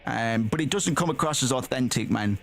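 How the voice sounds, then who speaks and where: A male streamer at a middle pitch reads game text aloud and mixes in blunt, profanity-laced commentary. His delivery is loose and conversational, over a faint steady hiss. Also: a little fast, vocal fry. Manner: blunt, swears freely, drawls "man" and "bro".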